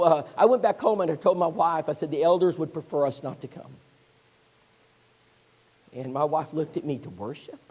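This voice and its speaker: A man preaching a sermon, telling stories and acting out the voices of people he quotes. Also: sits high. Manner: animated storyteller, acts out quoted voices. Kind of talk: storytelling sermon. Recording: long hall reverb.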